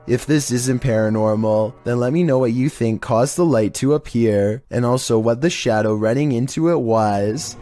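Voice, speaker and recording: Male host, scripted countdown narration, flat monotone read, mellow tone, faint music behind. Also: mid-range voice, moderate pace, few pauses. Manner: monotone, even delivery.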